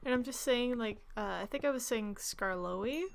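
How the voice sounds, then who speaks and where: A woman's voice: fairly high pitch, normal speed, vocal fry, a little hiss or hum. A young woman streaming a game, chatting casually in a rambling, giggly way full of fillers, with what she calls an alto voice. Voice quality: self-described alto voice. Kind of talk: casual gaming stream chat.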